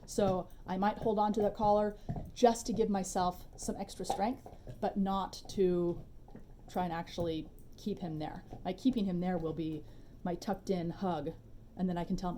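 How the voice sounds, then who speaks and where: A woman dog trainer giving a relaxed, chatty demonstration tutorial at home, with informal asides. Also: on the low side, normal speed, a little hiss or hum.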